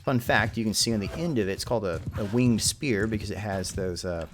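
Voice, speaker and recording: A man with a fairly low voice speaks fairly quickly while streaming a video game. His live commentary is casual and rambling, full of jokes with his chat.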